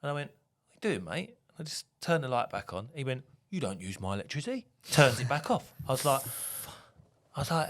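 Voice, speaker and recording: A man's voice: mid-range voice, very animated, a little fast. A tradesman telling war stories from the job on a podcast. His voice swings up and down with plenty of life, and he swears freely and laughs through the punchlines. It's loose, casual chat.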